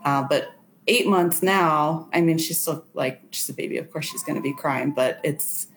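A woman's voice: deep voice, moderate pace, a bit bright, a little hiss or hum. A young woman talking casually as a podcast guest, earnest, with frequent filler words. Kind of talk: casual chat.

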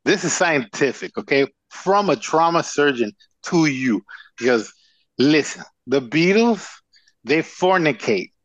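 Male doctor guest, blunt storyteller, slightly high pitch, dry close mic, a bit dull. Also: lively intonation, a little slow, fairly bright tone, no room sound. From Dominican Republic. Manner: blunt, profane, storytelling with emphatic asides. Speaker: cigar company CEO and physician guest. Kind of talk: casual podcast interview.

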